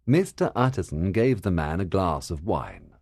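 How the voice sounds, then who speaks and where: A man narrating a story for English learners in a clear, measured reading style. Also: low voice, sing-song, noisy background.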